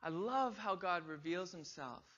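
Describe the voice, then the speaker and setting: A man's voice: high-pitched, animated, a little slow, a bit bright. A man preaching a conversational sermon in a church, asking the congregation questions and acting out quoted inner voices with rising emphasis. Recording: slightly dull lo-fi recording.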